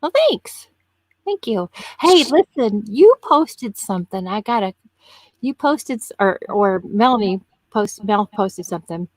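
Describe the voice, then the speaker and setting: A woman in her fifties, a podcast guest in casual chat, telling stories in an animated way and laughing often. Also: medium pitch, unhurried, no echo. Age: 50s.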